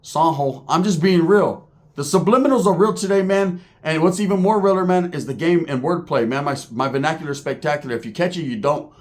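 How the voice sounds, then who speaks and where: A middle-aged man with a slightly raised voice delivers a loose, animated commentary rant. He talks in streetwise slang and keeps drifting into tangents and asides. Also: on the high side, a little fast.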